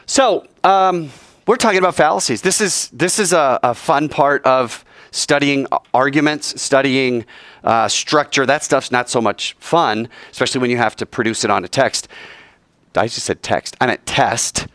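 A male teacher lecturing his class in a classroom, his pitch swinging widely as he jokes with students. The sound is close and dry, with no room echo. He acts out the arguments he quotes in a raised voice. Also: expressive, fairly bright tone. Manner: joking, quick asides to students.

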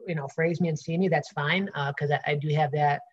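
A man's voice: on the high side, fairly even intonation, brisk, dull audio. A man with a Brooklyn accent, a pro wrestler answering interview questions in a rambling way with many fillers and restarts.

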